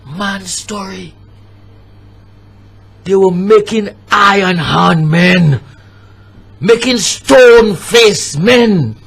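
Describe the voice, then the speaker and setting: Slow, dramatic St. Lucian storyteller. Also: male voice, high voice. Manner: rhythmic, dramatic, swelling to shouts. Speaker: storyteller and poet. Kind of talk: spoken-word performance.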